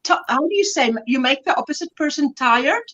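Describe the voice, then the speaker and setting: A woman's voice: high-pitched, a little fast, muffled recording. A middle-aged woman with a South African accent, hosting a casual livestream chat and telling stories with frequent laughs. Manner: animated storytelling, laughs often. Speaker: livestream host.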